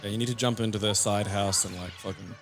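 A man's voice: fairly low pitch, steady tone, quick pace, a bit bright. Teasing, foul-mouthed man over game music. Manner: teasing, sarcastic, swears freely. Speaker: let's play co-host. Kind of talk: casual gameplay banter.

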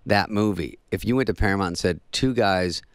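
A male comedian telling casual anecdotes on a talk show, dry and quick, dropping into voices for the people in his stories. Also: sits low, clean tone, no room sound. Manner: dry storytelling, mimics others in quick voices. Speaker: comedian guest.

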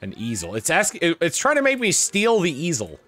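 A man's voice: on the high side, huge pitch swings, a little fast, fairly bright tone. A man giving wry live commentary while playing a video game and reading in-game text aloud. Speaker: game streamer.

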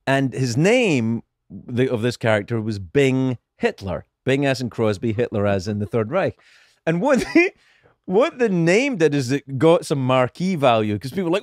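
A man's voice: mid-range voice, normal speed, no room sound, clean studio sound. A middle-aged Scottish man telling stories in a casual podcast chat, profane and restarting his sentences often. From Scotland. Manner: animated storytelling, profane, frequent restarts. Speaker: guest comedian.

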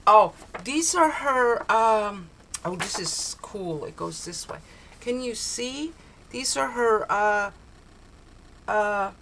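A woman's voice: mid-range voice, fairly bright tone, slight background noise, rough recording. An older woman opening a craft swap package on her video blog, gushing and exclaiming over each tiny item. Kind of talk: casual unboxing chat. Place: cold home, heater on.

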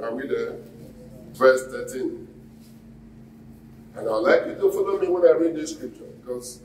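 In a church hall, a pastor preaches a sermon and quizzes the congregation in call-and-response. His mid-range voice is a little mellow, and the recording is echoey with a distant mic and a little hiss or hum.

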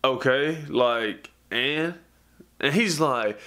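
A man, a fitness vlogger, telling a story straight to camera in a heated, profane rant that keeps circling back with "bruh.". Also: normal speed. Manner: acts out others' lines in a higher, lively voice.

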